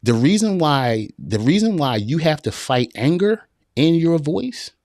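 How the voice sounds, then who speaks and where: A man's voice: fairly high pitch, big pitch swings, a little slow, darkish tone, no echo. A man hosting a live-streamed talk for men. He is emphatic and repetitive, calls listeners brother, and answers viewer questions as they come in. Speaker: podcast host.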